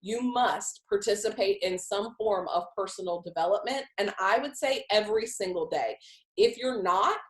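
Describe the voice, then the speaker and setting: A woman's voice: mid-range voice, normal speed. Emphatic upbeat woman coach, roomy sound. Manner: upbeat and emphatic, casual fillers. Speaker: team coach and leader. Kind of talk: motivational team call talk. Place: home in Hawaii.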